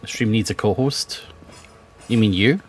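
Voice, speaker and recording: Low-voiced man muttering on stream. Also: normal speed, slight background noise. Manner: mutters to himself while playing, swears casually. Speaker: game streamer. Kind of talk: casual gaming stream chat.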